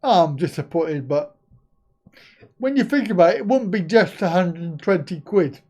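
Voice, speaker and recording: A man's voice: sits high, animated, moderate pace, a little mellow. An older man hosting a live stream, chatting casually, reading out viewer comments, swearing lightly and laughing often.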